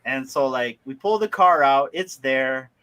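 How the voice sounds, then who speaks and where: Animated man telling a story. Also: medium pitch, a little slow, smooth. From Hawaii. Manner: animated, laughing, acts out voices. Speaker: livestream host. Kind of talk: casual storytelling.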